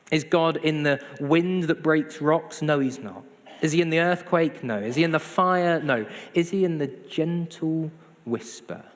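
A man preaching a sermon, conversational with self-deprecating humor. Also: fairly high pitch. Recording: hall reverb.

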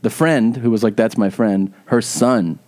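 A man hosting a podcast, telling an animated story and acting out the people in it. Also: lowish voice, unhurried. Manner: animated storyteller who acts out quotes. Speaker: podcast host. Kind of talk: casual chat.

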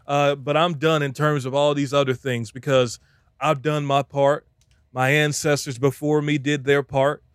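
A man's voice: fairly high pitch, little pitch movement, moderate pace, smooth, dry recording. Emphatic preaching man, dry close sound. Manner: preachy, emphatic, repeats phrases for effect. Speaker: podcast co-host preaching. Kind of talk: animated sermon-style talk.

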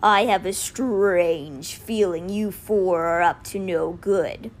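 A woman voicing a giant male cheetah statue who speaks slowly, dryly and pointedly in a lowered voice. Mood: dry, stern. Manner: slow, pointed, lower delivery.

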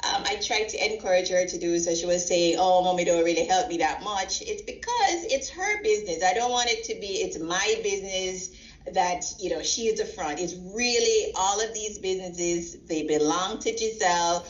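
Woman, proud parent guest, tells animated stories and acts out the quotes, recorded in a roomy space with dull audio. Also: lowish voice, normal speed. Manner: animated storyteller acting out quotes. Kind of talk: casual interview. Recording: roomy, slightly dull sound.

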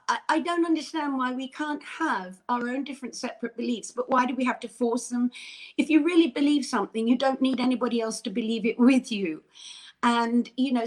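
An older woman talks as an interview guest, gushing and animated. Her voice sits a little high, and she speaks in a bubbly, effusive rush. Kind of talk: casual chat.

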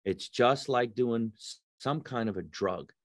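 A man's voice: mid-range voice, measured pace, no echo, studio quality. A male comedian guest telling stories in a casual chat, acting out the people he quotes. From New Jersey. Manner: animated storyteller, acts out quotes in raised voices.

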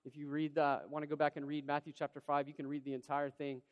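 A man preaching a sermon in a large church hall, telling a personal story in an animated, conversational way. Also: fairly high pitch, fast talker, lo-fi sound. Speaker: pastor. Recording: long hall reverb.

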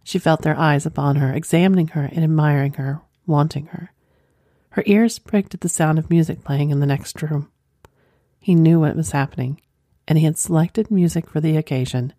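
A woman narrating an erotic story in a soft, sensual manner. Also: sits low, normal speed, no echo, clean studio sound.

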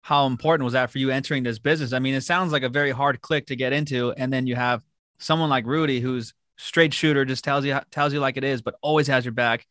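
A podcast host who talks quickly in a loose, profane style and strings together long, rambling questions. His voice is bright and forward. The sound is dry and close-miked. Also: mid-range voice, steady tone, no echo. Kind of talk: casual podcast interview.

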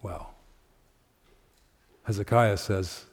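A man preaching a sermon as pastor, with earnest, conversational delivery, pauses and fillers, and a soft, prayerful tone in prayer. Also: medium pitch, expressive. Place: church sanctuary. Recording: long hall reverb.

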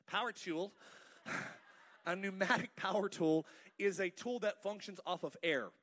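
High-pitched male preacher, playful and talkative, works the congregation from the pulpit. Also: a little slow, a bit bright. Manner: playful, asks the congregation to respond. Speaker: pastor. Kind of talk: lively sermon with jokes. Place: church.

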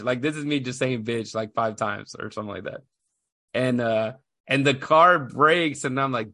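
A man's voice: mid-range voice, a little slow, pushed and bright, dry recording, studio quality. Rambling, chatty male podcast host. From Houston area, USA. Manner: rambling storyteller, lots of fillers and restarts. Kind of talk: casual chat.

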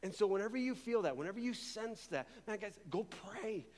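A man preaching a sermon as pastor, talking in an animated, conversational way and often repeating words as he goes. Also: high voice, brisk. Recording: long reverb of a large hall.

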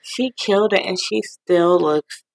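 A woman co-hosting a casual podcast, talking at an unhurried pace in a mid-range voice. She laughs often and lets her sentences trail off. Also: mid-range voice, creaky, low-quality recording. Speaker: podcast co-host. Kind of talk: casual pop-culture chat.

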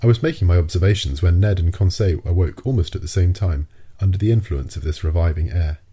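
A male narrator reading a novel aloud in a measured, deliberate way. His voice is low and very dark, with a husky, slightly breathy edge. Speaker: audiobook narrator. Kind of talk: scripted narration.

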